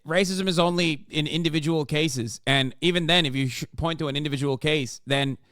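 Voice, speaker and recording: Swearing, animated male streamer voice. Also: fairly high pitch, no echo, studio quality. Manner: profane, animated, quick interjections. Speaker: streamer reacting to a video. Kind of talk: casual reaction commentary.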